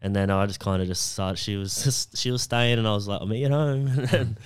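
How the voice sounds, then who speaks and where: A man's voice: fairly low pitch, fast, clear, resonant tone, dry recording. A man co-hosting a podcast, telling rowdy stories with lots of swearing and laughter in casual chat. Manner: laughing storyteller, swears a lot. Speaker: podcast co-host.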